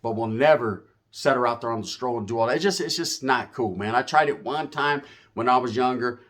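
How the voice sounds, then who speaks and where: A man talks straight to his viewers in a casual, profane rant. His pitch sits in the middle range. His delivery is emphatic and full of street slang, jumping from loud bursts to muttered asides. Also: fairly quick. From US West Coast. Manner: animated, swings between loud and low. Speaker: channel host. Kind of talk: casual storytelling rant to camera.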